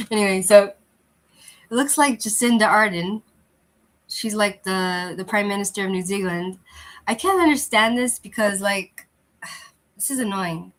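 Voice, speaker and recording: A woman's voice: medium pitch, a little slow, pauses often, rough recording. Rambling woman on a lousy mic. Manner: rambling, loose and chatty, often restarting. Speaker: channel host chatting with viewers. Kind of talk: casual livestream chat. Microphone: cheap, lousy microphone.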